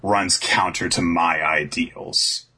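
A man's voice: deep voice, steady tone, slow, pushed and bright, husky, full character voice. A man doing a hot-tempered, chivalrous young cook. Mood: lecturing. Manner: blunt, lecturing.

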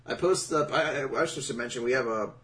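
A man's voice: mid-range voice, fairly quick, a bit bright. Rambling man on a podcast, slightly distant mic. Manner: rambling, many fillers and restarts. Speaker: podcast co-host. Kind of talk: casual podcast chat. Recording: voice a bit far from the mic.

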